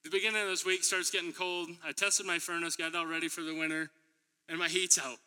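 A man's voice: sits high, brisk, pushed and bright, clear, resonant tone. A man preaching a sermon in a church hall, telling stories in a chatty way, laughing often and acting out what people said. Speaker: preacher and middle school teacher. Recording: long hall reverb.

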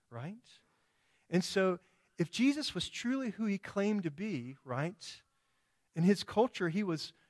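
A man preaching a sermon, emphatic, with many rhetorical questions and quoted voices. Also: a little high.

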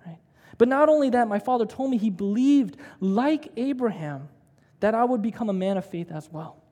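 Male pastor, chatty storytelling sermon, mellow tone, echoing hall. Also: high-pitched, lively intonation, moderate pace. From United States. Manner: conversational storytelling with frequent "right?". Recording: long hall reverb.

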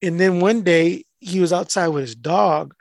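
A man's voice: sits high, normal speed, creaky, no echo, clean studio sound. A man who works as a mail carrier, telling a rambling story in casual chat and swearing freely.

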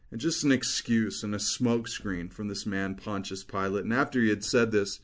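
A man's voice: fairly low pitch, moderate pace, hardly any pauses. A man preaching an expository sermon as a pastor, earnestly explaining scripture verse by verse.

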